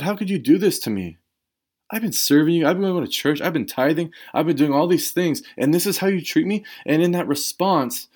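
A man's voice: medium pitch, darkish tone. A man preaching a sermon as a pastor, talking in a conversational and emphatic way, with casual asides to the congregation.

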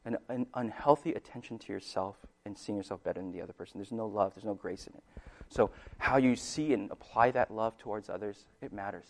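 A man preaching a sermon as pastor, casual and conversational, often checking in with "right?" and laughing, swinging between soft and emphatic delivery. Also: lowish voice, fairly quick.

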